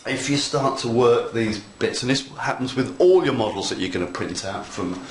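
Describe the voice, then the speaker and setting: A man's voice: mid-range voice, normal speed. Chatty, enthusiastic hobbyist man in an echoey room. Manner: chatty, playful and enthusiastic, talks to viewers while working. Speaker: model railroad hobby instructor. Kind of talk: casual hands-on tutorial. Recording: echoey room with faint noise.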